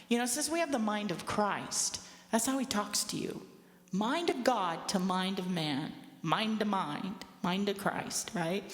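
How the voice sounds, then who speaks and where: A woman in her fifties giving a personal testimony to an audience, earnest and conversational, with asides to her listeners. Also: mid-range voice. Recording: echoey hall with long reverb.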